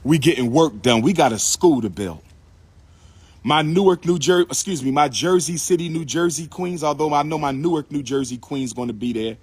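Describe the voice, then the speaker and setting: A man's voice: on the high side, moderate pace, breathy edge, no room sound. A man hosting a live stream, lecturing his viewers in a preachy, repetitive way and calling on them to respond. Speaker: livestream host and lecturer.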